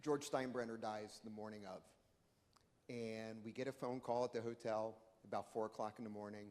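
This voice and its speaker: A man from the audience telling an animated work story at a panel discussion. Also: lowish voice, normal speed. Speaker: audience member sharing a story. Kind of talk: anecdote told at a panel. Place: conference hall. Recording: echoey conference hall.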